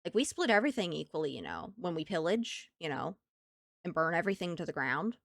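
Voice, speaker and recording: A woman streamer in casual chat from home, animated and laughing often between thoughts. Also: on the low side, brisk, creaky, no echo, clean studio sound. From United States.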